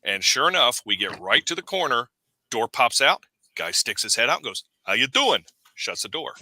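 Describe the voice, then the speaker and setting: A man who is a podcast guest, chatting casually and telling lively anecdotes. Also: medium pitch, moderate pace, no echo. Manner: storytelling, animated anecdotes. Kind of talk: casual chat.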